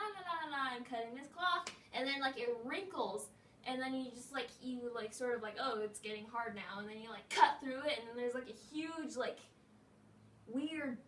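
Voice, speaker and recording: A vlogger with a high, somewhat bright voice tells a rambling story in casual speech peppered with "like," acting out the voices of those involved. The recording sounds a bit distant, with roomy echo and faint noise.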